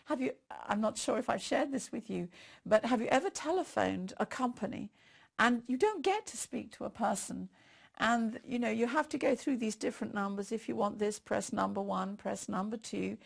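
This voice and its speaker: A woman's voice: a little high, normal speed, gravelly, slightly rough. An older woman giving a devotional sermon and leading a prayer in a storytelling manner. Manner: warm storytelling, leads prayer. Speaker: preacher.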